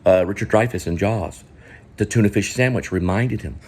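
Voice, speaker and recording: A man vlogging about acting technique, rambling and asking the viewer quick questions. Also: lowish voice, darkish tone, a little hiss or hum. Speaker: vlogger and actor teaching acting. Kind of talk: casual acting talk to camera.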